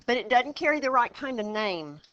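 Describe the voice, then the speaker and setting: Smooth-voiced woman teaching math class. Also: fairly high pitch, lively intonation, a bit bright, dull audio. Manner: quizzing the class, brisk and encouraging. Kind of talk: classroom lesson.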